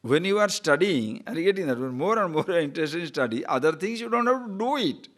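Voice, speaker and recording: Spiritual teacher, animated, raised pitch. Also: male voice, brisk. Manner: animated storytelling with laughter. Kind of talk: scripture talk.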